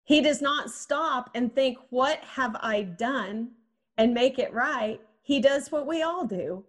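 A woman delivering a sermon in an easy, conversational way. Her voice sits a little high, and she keeps wondering aloud and posing questions to her listeners. Now and then she acts out the people in her story. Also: unhurried. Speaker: preacher.

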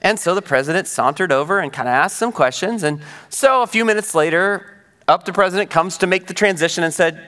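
A man preaching a sermon, telling a lively story and acting out the people in it. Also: sits high, fairly quick, big-room sound. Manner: animated, excitable storytelling with quoted voices. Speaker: pastor.

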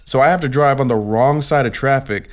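A man's voice: mid-range voice, a little fast. A man in casual chat, animatedly telling a profane story.

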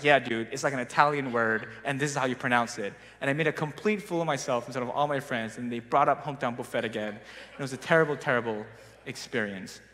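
Raised-voice storyteller preaching in a reverberant hall. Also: male voice, fairly high pitch. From South Korea. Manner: animated storytelling, casual and self-mocking. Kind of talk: sermon. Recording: long reverb of a large hall.

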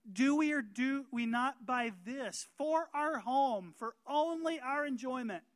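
A middle-aged man preaching a sermon as pastor, emphatic and rising to loud calls for amen. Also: very high voice, expressive, unhurried, dry recording.

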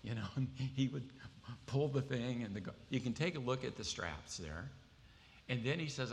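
A man's voice: medium pitch, animated, normal speed, vocal fry, long reverb tail, a little hiss or hum. A man preaching a sermon, earnest and emphatic, reading scripture aloud.

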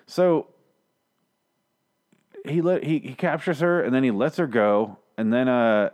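A man's voice: medium pitch, unhurried, a little mellow. A man hosting a show that recaps TV episodes, talking casually in a profane, exasperated and sarcastic way from a home studio. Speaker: TV recap podcast host.

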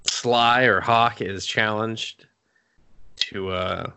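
A man's voice: on the low side, steady tone, drawn-out words, gravelly, sharp tone, smooth. A man co-hosting a casual chat about a movie, laughing often and quoting characters. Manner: laughing, chatty, quotes characters. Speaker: podcast co-host.

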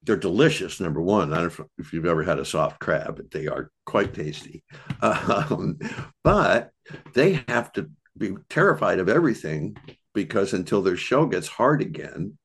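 A man past middle age speaks in a very low voice, drifting through memories with pauses and self-corrections. He is a podcast guest in a relaxed, thoughtful conversation. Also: slightly rough. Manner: meandering, thoughtful, with many restarts and pauses. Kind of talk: reflective storytelling conversation.

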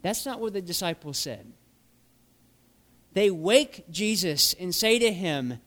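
A man's voice: high voice, expressive, takes it slowly, long pauses, fairly bright tone. A man preaching a sermon as a pastor, earnest and full of rhetorical questions.

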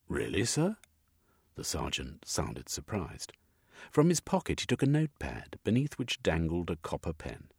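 Deep, husky male narrator. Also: huge pitch swings, moderate pace, a little mellow, no echo, clean studio sound. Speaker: audiobook narrator. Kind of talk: scripted narration.

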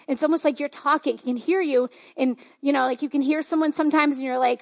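A woman's voice: sits high, fairly quick, hardly any pauses. A woman pastor giving a conversational, enthusiastic sermon with lots of fillers.

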